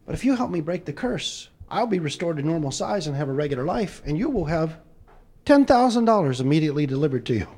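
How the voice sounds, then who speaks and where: Guy doing a pushy little leprechaun, wheedling and persuasive, slightly high voice. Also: very animated, fast talker, darkish tone. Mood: coaxing. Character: tiny pushy male leprechaun, smooth talker.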